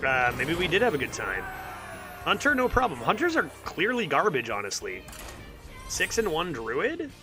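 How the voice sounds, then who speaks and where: A man's voice: a little high, huge pitch swings, normal speed, over music. A young man streaming a card game, talking casually and rambling, repeating words as he goes. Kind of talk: casual live game commentary.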